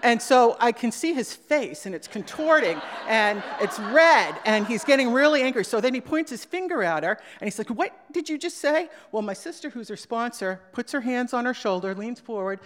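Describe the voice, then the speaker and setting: A woman's voice: on the high side, normal speed, hardly any pauses. Middle-aged woman telling a story on stage. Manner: animated, acts out quoted voices. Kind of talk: live storytelling to an audience. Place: small hall with a live audience. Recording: long hall reverb.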